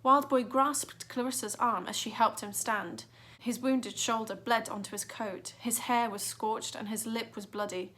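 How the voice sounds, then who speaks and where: A woman's voice: a little high, fairly even intonation, measured pace, hardly any pauses, fairly bright tone, a little hiss or hum. A woman reading a children's adventure book aloud with dramatic expression. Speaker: narrator. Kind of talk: storybook reading.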